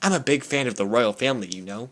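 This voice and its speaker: A man's voice: medium pitch, quick pace, natural voice. A man voicing a nervous, chattering nun who works as a nurse in an audiobook reading. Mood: flustered chatter. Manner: nervous, babbling small talk.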